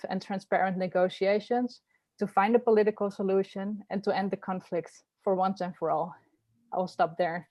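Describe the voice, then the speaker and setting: A woman gives a measured, formal speech, laying out points in sequence. Her voice is at a middle pitch and recorded dry, without room echo. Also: a little mellow. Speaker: advocacy speaker.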